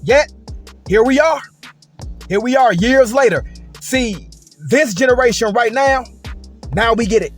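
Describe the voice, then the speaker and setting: High-pitched guy ranting on his vid, keeps saying right and man, some music under. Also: expressive, measured pace, pauses often. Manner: emphatic, repeats "right?" and "man". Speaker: host. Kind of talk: reaction video commentary.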